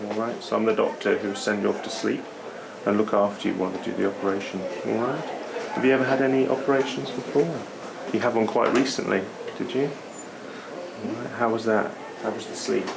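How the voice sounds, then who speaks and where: Male anaesthetist, low gravelly voice, soothing with a child, clear hospital noise. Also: steady tone, a little fast. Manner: soft, reassuring, simple words for a child. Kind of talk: gentle talk to a child patient. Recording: noisy hospital background.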